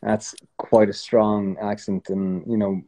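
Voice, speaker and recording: An Irish man sits in for a casual interview chat. His voice sits low and sounds deep and mellow, and he rambles loosely, circling back with fillers and false starts. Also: takes it slowly. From Ireland. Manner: relaxed, rambling, many fillers and restarts. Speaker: guest.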